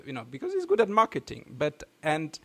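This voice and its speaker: A man with a French accent hosting a casual podcast, halting and laughing, full of restarts. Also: fairly high pitch, wildly swooping pitch. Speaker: podcast host.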